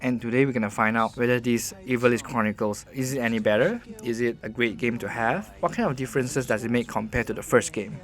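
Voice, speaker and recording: A man's voice: mid-range voice, fast talker, few pauses, soft background music. A man voicing a game review as host, earnest and conversational, often restarting his sentences.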